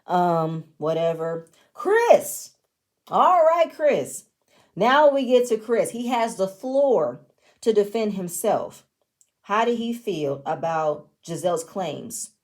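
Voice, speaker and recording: A woman's voice: fairly low pitch, expressive, slow, dark tone. A woman giving casual review commentary on a reality show, blunt, opinionated and often profane. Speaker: reality TV recapper.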